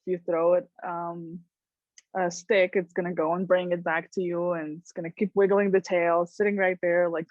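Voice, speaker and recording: A woman's voice: lowish voice, normal speed, no room sound. Woman hosting a talk show in a dry, dull recording. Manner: animated storyteller who acts out voices. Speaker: host. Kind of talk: casual chat on a talk show.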